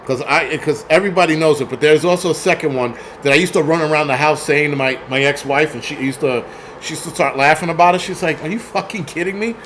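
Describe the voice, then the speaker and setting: A man's voice: a little high, fast, fairly bright tone, slight background noise. Profane rambling man hosting a livestream. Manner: profane, rambling, reads chat aloud. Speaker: film review livestream host. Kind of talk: casual livestream chat.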